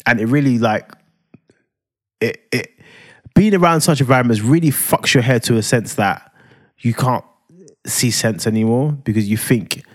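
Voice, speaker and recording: A man's voice: mid-range voice, moderate pace, long pauses. A man with a South London accent co-hosting a podcast, chatting casually, rambling and swearing freely. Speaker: podcast co-host. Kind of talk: casual chat.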